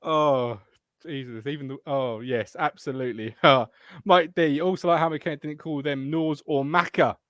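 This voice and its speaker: Speaking with a fairly high, fairly bright voice at a measured pace and fairly even intonation, a man from Suffolk, England hosts a casual fan livestream from his living room. He has tonsillitis, swears freely, laughs at his own expense and rambles. The recording is dry.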